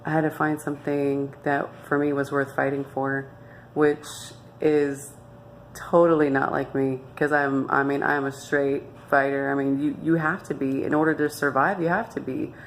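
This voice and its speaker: A woman's voice: a bass voice, level tone, moderate pace, a little hiss or hum. A young woman earnestly telling her own life story to camera, emphatic and often restarting her sentences. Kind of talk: candid personal testimony.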